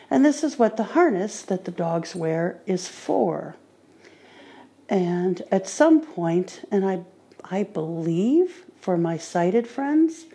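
A woman talking on her own podcast in a casual monologue, calmly recounting her day. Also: medium pitch. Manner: relaxed diary-like recounting. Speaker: podcaster training with a guide dog.

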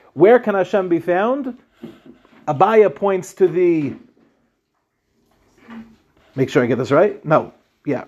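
A male rabbi teaching a Talmud class. He asks questions and answers them himself, translates each quote, and slows right down on the Aramaic phrases. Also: on the high side, darkish tone. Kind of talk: Talmud lecture.

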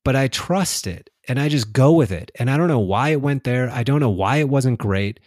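A man's voice: medium pitch, expressive, moderate pace, darkish tone, no echo, clean studio sound. A man talking reflectively in a casual spiritual conversation, laughing often and restarting his sentences.

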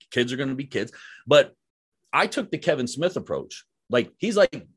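Husky, animated man swearing casually. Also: medium pitch. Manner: animated, swears freely, says "dude" and "like" often. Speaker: podcast host. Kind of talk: casual chat.

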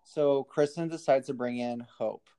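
A woman's voice: extremely low pitch, warm tone, clear, resonant tone. A woman co-hosting a podcast, chatting casually and giggling while recapping a reality show. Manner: chatty, giggly, quick asides. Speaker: podcast co-host.

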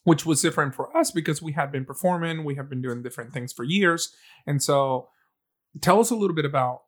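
A podcast host keeps the chat playful and laughs often. The host presses the guest with questions in a mid-pitched voice. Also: fairly quick.

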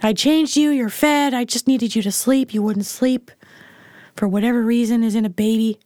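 A woman's voice: a little high, steady tone, moderate pace, dark tone, no room sound, studio quality. A middle-aged woman telling a candid personal story as an interview guest, frank and blunt in how she speaks. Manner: frank and blunt, plain-spoken. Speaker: interview guest, mother of the host.

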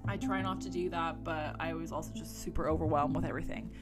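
A woman's voice: low voice, steady tone, quick pace, over loud music. A woman hosting a true crime podcast, chatting casually with a rambling, sweary manner. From England. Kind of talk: casual chat.

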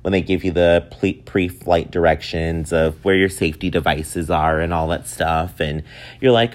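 A man's voice: low voice, normal speed. A man in his thirties hosting his own podcast, talking casually and animatedly, laughing often as he goes. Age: 30s. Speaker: podcast host. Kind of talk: casual solo podcast talk.

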